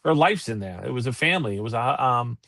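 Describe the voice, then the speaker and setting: A man, co-hosting a casual talk show and telling profane, animated stories. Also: medium pitch, quick pace, creaky, no room sound, clean studio sound. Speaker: podcast co-host. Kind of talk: casual chat.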